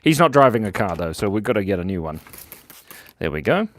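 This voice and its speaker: A man's voice: on the low side, sing-song, a little fast, fairly bright tone, dry recording, clean studio sound. A cheerful, chatty man hosting a live drawing stream, constantly thanking viewers, on a clip-on mic. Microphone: clip-on lapel mic.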